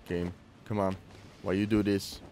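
A man's voice: deep voice, flat delivery, unhurried, mellow, slight background noise. A young man hosting a gaming video, chatting casually and reading game text aloud with mocking, laughing asides.

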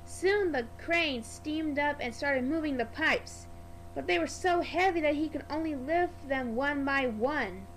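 A woman's voice: high-pitched, a little slow, a bit bright, slight background noise, rough recording. A woman narrating a children's storybook in a careful read-aloud manner.

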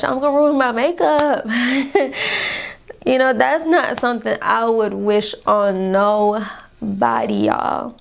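A woman's voice: on the high side, creaky. Young woman, tearful storytelling vlog. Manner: rambling, addresses viewers as y'all, fighting back tears. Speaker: vlogger.

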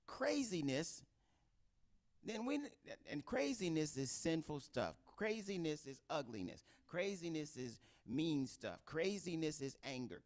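A middle-aged man preaching an informal sermon, talking conversationally and acting out quoted voices. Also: medium pitch. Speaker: pastor.

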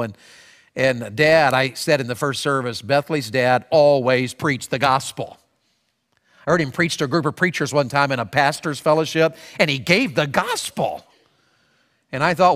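Emphatic high-voiced man preaching. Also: moderate pace, fairly bright tone, big-room sound. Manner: emphatic, acts out prayers in a raised voice. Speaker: pastor. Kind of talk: sermon. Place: large church sanctuary.

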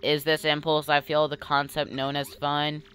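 A woman doing a polite talking computer, formal and precise, puzzling over emotions. Low-voiced and even, the voice of a game's machine character. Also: normal speed, clear, resonant tone. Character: polite male computer, curious about feelings.

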